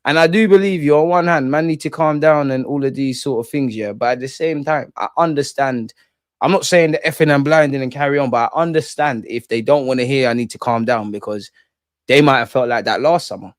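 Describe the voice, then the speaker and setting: A young man with a London accent, chatting casually on a live stream about football while reading out and reacting to viewer comments in slangy, animated talk. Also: mid-range voice, fairly quick, dry recording, studio quality.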